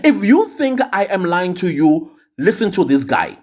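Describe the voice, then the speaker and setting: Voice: mid-range voice, very animated, normal speed, a little hiss or hum. A South African commentator in a casual rant, full of sarcastic rhetorical questions.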